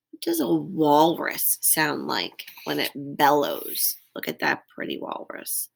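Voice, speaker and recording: A woman's voice: low-pitched, vocal fry, breathy edge. A woman reading a picture book aloud to young children at home, stopping to ask them to copy animal sounds. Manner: slow, expressive, invites listeners to make animal noises. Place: at home, indoors.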